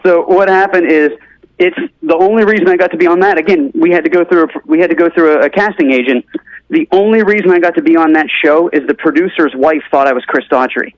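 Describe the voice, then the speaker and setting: A man telling an animated story as a guest on a talk show, acting out the people he quotes. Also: fairly high pitch, quick pace, dry recording, muffled recording. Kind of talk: casual storytelling.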